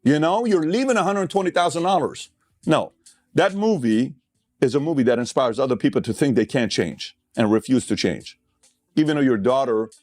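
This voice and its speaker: A man's voice: medium pitch, a little mellow, dry recording. A man giving a motivational speech, blunt and conversational, telling stories with emphatic, impassioned build-ups. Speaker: motivational speaker.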